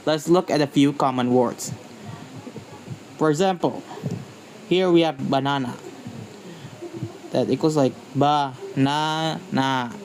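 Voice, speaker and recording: A man's voice: fairly high pitch, a little mellow, slight background noise, rough recording. A man giving a slide-based pronunciation lecture, speaking carefully and repeating example words to model their stress.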